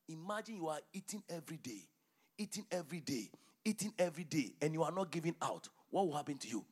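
A man preaching a sermon and reading scripture, emphatic, quizzing the congregation, swinging from shouts to hushed near-whispers. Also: on the high side, lively intonation, fast talker, slightly rough. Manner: emphatic, call-and-response questions to congregation.

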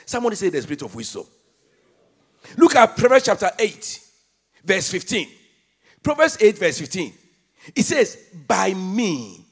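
High, lively, gravelly-voiced shouting preacher. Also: male voice. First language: not English. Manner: call-and-response, shouting emphatic lines. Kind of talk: sermon.

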